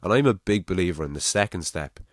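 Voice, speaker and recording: A man with a Navan Irish accent hosting a casual podcast chat, thinking out loud and swearing freely. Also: sits low, lively intonation, fast, dry recording, studio quality. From Ireland. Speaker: podcast host.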